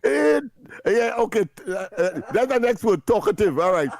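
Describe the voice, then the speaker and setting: A Trinidadian man co-hosting a radio show, full of laughs, quick comebacks and repeated words. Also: high-pitched, animated, creaky, darkish tone. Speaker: radio co-host. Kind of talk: call-in radio banter.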